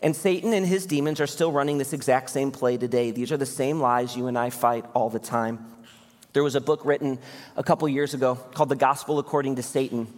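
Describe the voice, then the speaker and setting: A man's voice: medium pitch, fairly even intonation, brisk. A man in his thirties preaching a sermon as pastor, talking earnestly and conversationally with direct appeals to his listeners. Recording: hall reverb.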